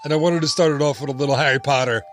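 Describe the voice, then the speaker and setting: A man's voice: medium pitch, fairly even intonation, racing, over music. A man in his thirties hosting a casual travel podcast, upbeat and chatty with joking asides. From United States. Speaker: podcast host and travel agent.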